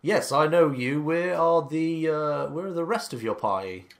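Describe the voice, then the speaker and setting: A man voicing a formal keeper of a sacred flame in a tabletop game, speaking in a measured, welcoming way. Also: on the high side, animated, pitched above the performer's own voice.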